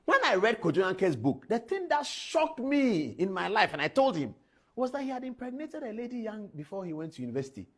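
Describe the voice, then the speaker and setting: A Ghanaian man delivers fired-up commentary as a news presenter. His husky voice swings widely up and down in pitch, and he drives his points home by repeating the same names over and over. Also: very animated, brisk, a bit bright. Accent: Ghanaian English. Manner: preachy, repeats names for emphasis. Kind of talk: impassioned studio commentary.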